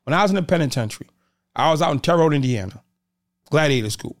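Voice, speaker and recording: A man's voice: on the high side, fast talker. A man from the Boston area in casual conversation as a podcast guest, telling stories and acting out what others said. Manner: animated, acts out quotes of others.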